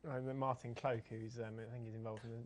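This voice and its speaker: A man's voice: mid-range voice, flat delivery, fast talker, a crowd in the background. A man co-hosting a casual fan podcast, dropping dry, wry remarks. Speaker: podcast co-host.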